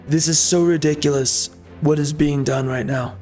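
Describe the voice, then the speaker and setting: A man's voice: fairly high pitch, fairly even intonation, normal speed, a little mellow, faint music behind. A man from the United States ranting angrily over gameplay, firing off rhetorical questions and minced swear words. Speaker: gameplay video host.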